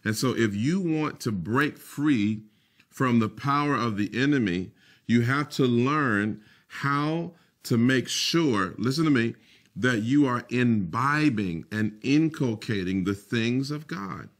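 A male pastor preaching a sermon, slowing down for emphatic phrases and repeating key lines, dropping into quick muttered asides. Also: mid-range voice, expressive.

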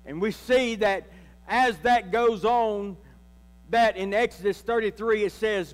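A man's voice: high voice, a little slow, big-room sound. A man, a pastor, preaching a sermon and calling out to his congregation. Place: church sanctuary.

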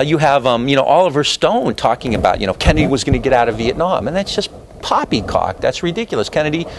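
A man teaches a history class, talking loosely and digressing with plenty of fillers. His pitch moves a lot as he lectures. Faint room noise sits behind him. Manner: animated, digressive, many fillers and asides.

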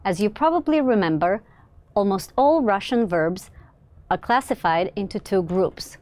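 A woman teacher explaining verb grammar in a clear, measured way, with occasional fillers and slower speech for example words. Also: medium pitch, darkish tone. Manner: slows down to model example words. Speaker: language teacher. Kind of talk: recorded grammar lesson.

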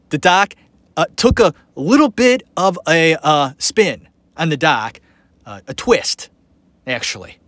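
On his podcast, a host whose voice runs on the high side talks through a documentary in relaxed commentary, voicing strong opinions with animation and wandering off with lots of filler words. The sound is dry.

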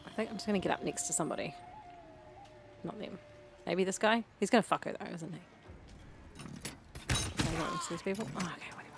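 A woman's voice: lowish voice, brisk, long pauses. A woman co-hosting a let's play, chatting casually and bluntly while playing, swearing freely. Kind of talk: casual gameplay chat.

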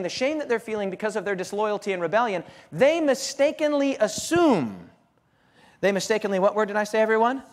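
A man preaching a sermon to a live audience, emphatic and animated, repeating phrases to drive points home. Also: high-pitched. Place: stage with lighting before an audience. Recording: hall reverb.

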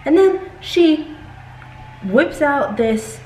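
A woman's voice: sits high, animated, drawn-out words, echoey room, far from the mic, poor audio. A young woman vlogger telling a story in casual chat while cooking at home, dramatic and full of filler words. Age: young adult.

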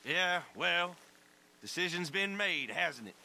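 Curt fugitive outlaw, high bright voice, faint outdoor ambience. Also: male voice, animated, slow, slight background noise, heavily acted. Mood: defiant. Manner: curt, dismissive replies.

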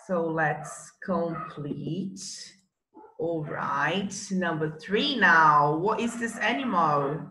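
Slow, bright-voiced woman teaching. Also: fairly low pitch, reverberant, slight background noise, rough recording. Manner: slow, encouraging drilling of words. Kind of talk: bilingual classroom lesson.

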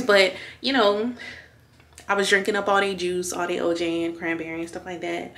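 A woman's voice: on the low side, little pitch movement, normal speed, a bit bright. Chatty young woman vlogging. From Houston, USA. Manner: chatty, addresses viewers as y'all. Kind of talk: casual vlog chat. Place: busy bar or restaurant. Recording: crowd chatter and noise behind.

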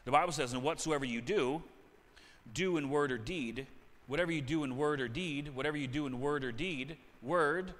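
A man's voice: mid-range voice, fairly quick, a bit bright, long reverb tail. A middle-aged man preaching a sermon as pastor, talking in a conversational way that repeats and restarts phrases. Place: church sanctuary.

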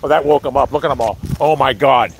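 A man livestreaming outdoors on his phone, rambling excitably to his viewers and swearing freely. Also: medium pitch, fast talker, gravelly, a little hiss or hum. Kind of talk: outdoor live stream chat. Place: outdoors by a hill.

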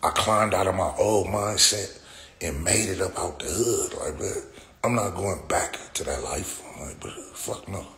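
His voice sits low and unhurried as this forties-aged livestreamer rants and swears, talking back to comments in his chat. Faint ambient noise and echo fill the room.

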